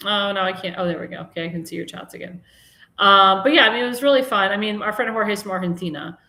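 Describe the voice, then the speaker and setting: A woman's voice: mid-range voice, quick pace, pushed and bright. A woman hosts a live political talk show in a loose, rambling way, stopping and restarting her sentences. She is mocking and indignant toward politicians. Her voice sits in a middle range and carries the echo of a reverberant room. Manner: chatty, rambling, with frequent restarts and fillers. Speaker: host.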